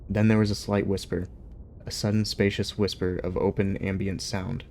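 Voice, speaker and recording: A young man on a livestream, reading a novel aloud and chatting casually between chapters with a relaxed, easygoing manner. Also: low-pitched, normal speed, creaky, slight background noise. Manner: relaxed, chatty, laughs easily. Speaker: streamer reading a book aloud.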